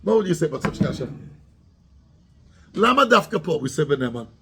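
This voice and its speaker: A man's voice: a little high, sing-song, brisk, vocal fry, bright, forceful tone, slight background noise. A man, a rabbi giving a Torah class who keeps asking his students questions and mixes Hebrew terms into his English.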